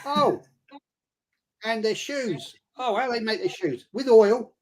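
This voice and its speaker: Over crowd noise, a man with a London accent talks slowly in a high voice with lively intonation. He's a guest fan pundit in a casual chat who curses, speaks bluntly, and taunts rivals by parroting them in sarcastic quotes.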